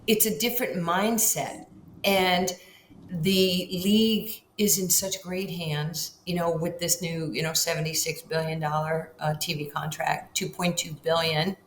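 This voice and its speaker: A basketball Hall of Famer from Far Rockaway, Queens, New York, tells stories as a guest on a podcast interview. She's an older woman with a fairly low, steady voice and an unhurried pace, acting out quoted lines with big pitch swings. The recording has an echoey room and faint ambient hiss.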